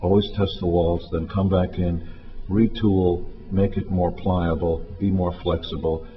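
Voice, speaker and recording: A man's voice: low voice, little pitch movement, measured pace. A man giving blunt advice in short, commanding sentences. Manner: commanding, terse imperatives. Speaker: interviewee. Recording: dull recording with faint music.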